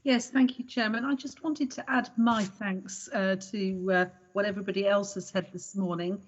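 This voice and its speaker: Councillor, brisk, polite, mid-pitched voice, dull call audio. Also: fairly even intonation. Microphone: video call.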